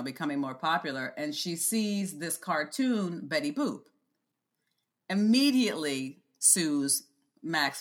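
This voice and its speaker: Wry, low-voiced woman podcast co-host. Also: a bit bright. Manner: wry, storytelling, laughs while talking. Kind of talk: casual chat.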